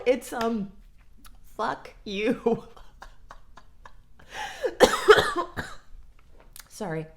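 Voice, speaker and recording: A woman's voice: lowish voice, lively intonation, takes it slowly. A woman vlogger talking casually about mental health in a blunt, frank way, swearing freely. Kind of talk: casual talk to camera.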